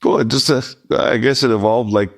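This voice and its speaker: A man, a guest guitarist, chatting in an interview and dropping dry jokes with a deadpan touch. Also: medium pitch, fairly quick, creaky. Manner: dry, joking asides. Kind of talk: casual interview chat.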